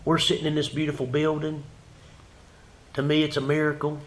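A male pastor preaching a sermon in a church, rising to loud emphatic passages and dropping to near whispers. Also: fairly high pitch, completely flat delivery, brisk, echoey room. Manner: fervent preaching, swells loud then drops to a whisper. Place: church sanctuary.

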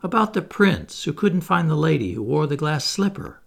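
An eager, boastful boy who flies, put on by a man reading the story aloud. The voice is raised a little above his own, gravelly and husky, and it swings up and down with lively coaxing. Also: on the high side, normal speed, pitched above the performer's own voice, exaggerated voice.

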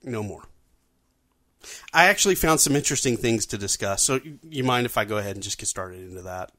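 A man's voice: on the low side, expressive, a little fast, fairly bright tone, no room sound. A man hosting a podcast, talking casually with frequent fillers and restarts. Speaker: podcast host.

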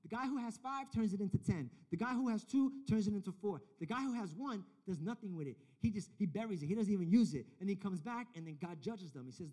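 High-voiced, animated man preaching. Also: fast talker, few pauses. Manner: animated storytelling, acts out dialogue; builds to loud, emphatic climaxes. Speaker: youth pastor. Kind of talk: sermon.

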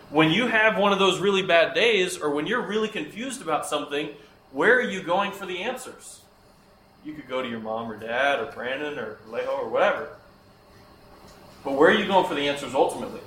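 A man's voice: a little high, lively intonation, a little fast, pushed and bright, echoey room, a little hiss or hum, rough recording. A man teaching a Bible lesson to a class of children, often asking them questions and repeating their answers.

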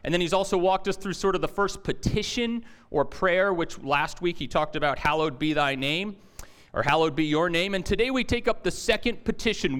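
A man giving a conversational sermon as a pastor, with fillers and restarts, and praying in a hushed, slow voice. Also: high-pitched, clean tone.

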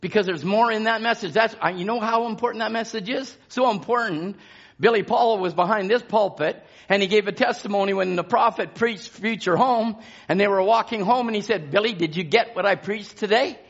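A man's voice: sits high, fairly quick, fairly bright tone, highs cut off. A man preaching a sermon with passion, his intensity rising and falling as he exhorts the congregation.

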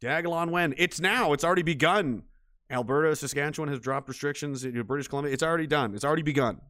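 A man's voice: on the high side, fast, a bit bright, dry recording, clean studio sound. A man from Western Canada, hosting a livestream and reading viewer messages in a crude, profane, joking way. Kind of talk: casual livestream chat.

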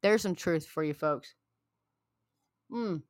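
A woman's voice: on the low side, slow pace, clean tone, no room sound. A woman talking straight to her viewers in an angry, heated rant, hammering the same points again and again like a preacher. Her voice sounds close and dry, with no room around it. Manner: heated, preachy, repeats herself.

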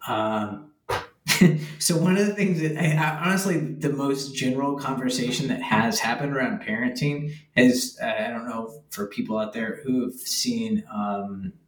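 A man's voice: mid-range voice, measured pace. A young man speaking as an interview guest about becoming a father, rambling with many fillers and frequent laughs. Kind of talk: casual conversational interview. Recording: roomy, from a distance.

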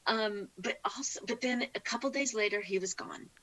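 A woman's voice: mid-range voice, normal speed, crowd noise, rough recording. A middle-aged woman, a guest in an interview, telling a heartfelt faith testimony with frequent restarts. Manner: heartfelt storytelling with many restarts.

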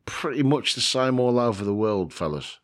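Medium in pitch and expressive, the man speaks at a normal speed. He's the host of a laid-back video, meandering through a list with frequent ums, self-mocking jokes, and the occasional swear word.

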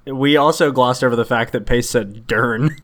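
A man's voice: mid-range voice, moderate pace, a bit bright. A man hosting a podcast in casual banter, joking and teasing his co-hosts, often laughing. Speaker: podcast host.

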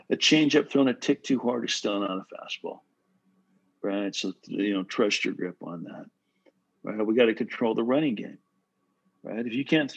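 A man who played pro baseball giving casual, animated advice to pitchers, full of "bro" and "right?". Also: breathy edge, dull audio. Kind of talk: casual coaching talk.

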